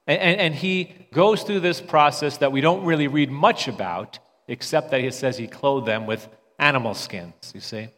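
A man's voice: medium pitch, sing-song, unhurried, few pauses, a bit bright. Conversational male preacher in a reverberant hall. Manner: conversational, repeats words when restarting. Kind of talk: sermon.

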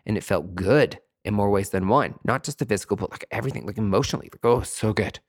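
A man's voice: lowish voice, quick pace. A man hosting a podcast, telling a personal story in a campy, chatty and profane way. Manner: campy, chatty, profane, calls listeners sweetie. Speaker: podcast host. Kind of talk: casual storytelling monologue.

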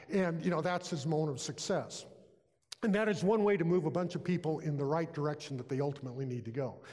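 Male chapel preacher, high voice, folksy storyteller, hall reverb. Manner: storytelling, animated with folksy asides. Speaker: chapel speaker. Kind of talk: sermon.

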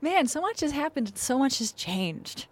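A woman co-hosting a podcast in casual chat, playful and giggly with sudden loud exclamations, into a studio mic. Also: high-pitched, sing-song, moderate pace, heavy background noise. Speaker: podcast co-host. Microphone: studio microphone.

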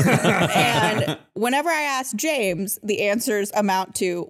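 A woman hosting a casual film-review podcast, chatty, with lots of laughter and quick asides. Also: mid-range voice, lively intonation. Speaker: podcast host.

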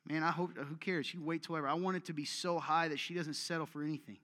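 A man's voice: fairly high pitch, fairly even intonation, quick pace, bright, forceful tone, big-room sound. A man preaching a sermon to a room of men in an exhortative, direct way, repeating short commands for emphasis. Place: church meeting room with audience.

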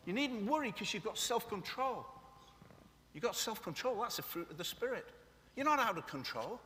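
A man's voice: high-pitched, expressive, normal speed, pushed and bright. A man preaching a sermon to a congregation, passionate and conversational, with joking asides to the room. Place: church meeting room. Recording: echoey hall.

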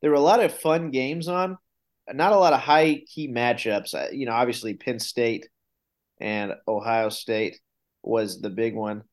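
A man hosting a casual sports podcast, telling game stories with rising excitement. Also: medium pitch, a little slow. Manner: animated storyteller, rises when excited. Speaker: podcast host.

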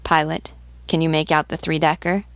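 A woman voicing a calculating male sea captain who asks measured, commanding questions. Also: sits low, little pitch movement, no echo, close to an everyday voice. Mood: questioning.

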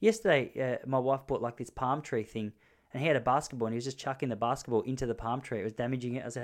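A man's voice: medium pitch, very fast. Rambling man hosting a podcast. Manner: rambling, with repeated restarts and crude storytelling. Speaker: podcast host. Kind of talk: casual comedic monologue.

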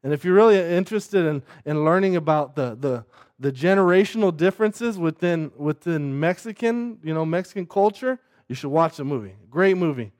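A man's voice: on the high side, animated, moderate pace, a little mellow. A man preaching a sermon who keeps asking the listeners "right?" and often repeats words as he restarts his sentences.

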